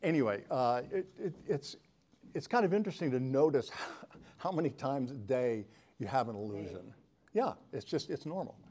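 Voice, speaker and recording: A man's voice: medium pitch, animated, normal speed, dark tone. An older man giving a casual presentation to a live audience, chatty and joking, bantering with the crowd. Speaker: talk presenter.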